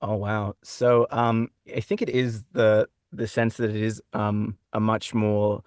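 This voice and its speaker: A man with an Australian accent, slightly Americanised, chatting as a voice actor guest in a relaxed, quick way with plenty of filler words. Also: fairly low pitch, clear, resonant tone, dry recording, clean studio sound. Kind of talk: casual podcast interview.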